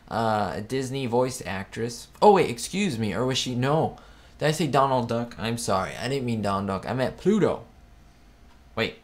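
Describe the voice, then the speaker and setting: A man hosting a live chat stream, talking casually in a rambling way, often stopping to correct himself. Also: medium pitch. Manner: rambling, chatty, self-correcting. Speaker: host of a live chat show. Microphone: webcam setup.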